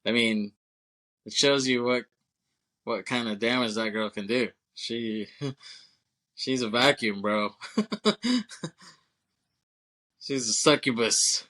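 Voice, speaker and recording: Bright-voiced laughing podcast man. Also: medium pitch, steady tone, slow pace, pauses often. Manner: laughs often, swears, acts out movie scenes. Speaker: podcast co-host. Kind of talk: casual movie podcast chat.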